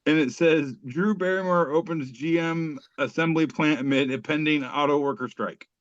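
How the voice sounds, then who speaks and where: A man's voice: on the high side, normal speed, no echo, highs cut off. A man hosting a casual comedy podcast, joking, swearing and reading posts aloud. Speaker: podcast host.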